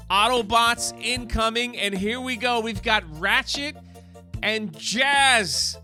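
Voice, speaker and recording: A man hosting a comic book channel, recapping an issue in a chatty, excited way and often restarting his words. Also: very high voice, slow pace, faint music behind.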